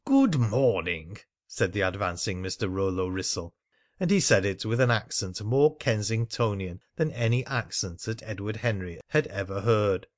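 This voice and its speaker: Low-voiced man narrating an audiobook. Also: normal speed. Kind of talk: scripted narration.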